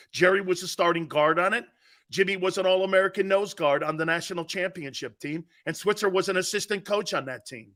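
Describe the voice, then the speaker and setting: An energetic male sports talk host whose voice runs a little high and bright. He rambles through stories in a casual, chatty way and stops to read viewer comments out loud.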